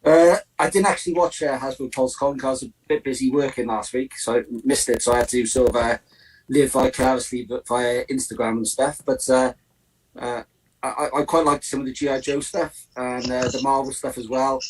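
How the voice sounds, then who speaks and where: A man chatting casually as a guest on a live stream, relaxed and easygoing. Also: medium pitch, a little fast, slightly rough. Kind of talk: casual chat. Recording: distant, slightly noisy call audio.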